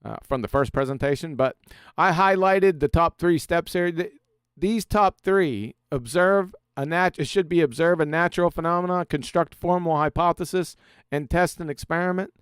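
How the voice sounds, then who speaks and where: Combative man with a high, clear voice. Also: normal speed, no echo, studio quality. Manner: combative, mocking, emphatic. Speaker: host presenting a slideshow. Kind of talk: casual live-stream lecture.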